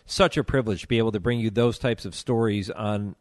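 A man's voice: lowish voice, fairly quick, dry recording. Man hosting a radio show, dry studio sound. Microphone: studio microphone.

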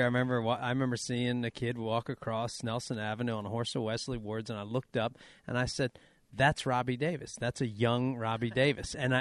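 A man interviewing a jockey, asking questions in a casual, conversational way. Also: mid-range voice.

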